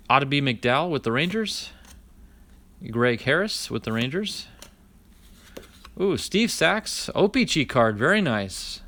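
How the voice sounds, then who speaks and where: A man's voice: mid-range voice, fairly bright tone. A man vlogging as he opens a pack of cards, reading each name aloud in a chatty running list and talking to viewers by name. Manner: talks to live viewers by name. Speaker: card-opening vlogger. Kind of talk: casual card-opening commentary.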